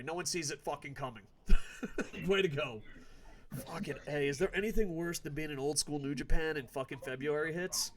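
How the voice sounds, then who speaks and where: A man's voice: a little high, animated, normal speed, a little hiss or hum. Foul-mouthed male podcast host, emphatic and sarcastic, casual ranting predictions.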